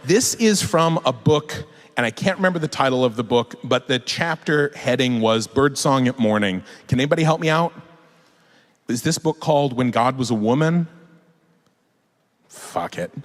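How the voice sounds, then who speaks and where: Man, author at a live talk, animated storyteller, bouncy pitch, long hall reverb. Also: normal speed. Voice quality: animated, lively delivery with frequent laughs and swearing. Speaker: author and guest speaker. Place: large performance hall before an audience.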